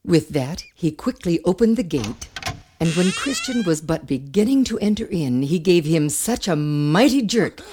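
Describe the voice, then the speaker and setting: Low-voiced woman narrating with expression. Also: normal speed, background noise. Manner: expressive, formal storytelling. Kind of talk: scripted storybook narration. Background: music.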